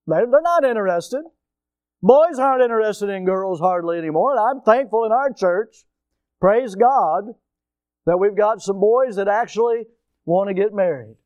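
A man with a high, ringing voice preaching to his church, his delivery swinging from loud, pointed bursts to hushed asides. He fires rhetorical questions at the congregation. The sound is close and dry, with little room echo. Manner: emphatic preaching with rhetorical questions and sudden rises and drops in loudness. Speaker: pastor. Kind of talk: sermon.

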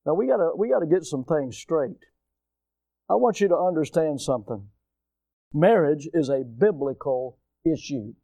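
A man preaching a sermon as pastor in a church, emphatic, asking the congregation rhetorical questions and swinging between loud bursts and quiet asides. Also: on the high side, expressive, normal speed, creaky, no room sound, muffled recording. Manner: emphatic preaching with rhetorical questions and sudden rises and drops in loudness.

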